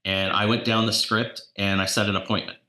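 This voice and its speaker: Man, deep and bright-toned, animated anecdote teller, echoey room sound. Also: a little fast. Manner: animated anecdotes, repeats words. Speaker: real estate agent and coach. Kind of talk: casual storytelling.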